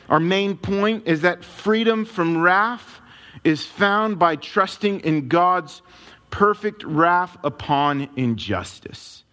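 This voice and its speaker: A man preaching a sermon to a congregation in a church, emphatic, with dramatic swings of pitch and pace. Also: fairly bright tone. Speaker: pastor. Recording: long reverb of a large hall.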